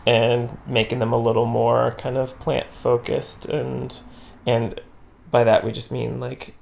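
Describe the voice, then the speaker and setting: Man, gravelly voice, casual chat, halting, filler-heavy. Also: medium pitch, flat delivery, a little mellow, a little hiss or hum. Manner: laid-back, halting, lots of fillers.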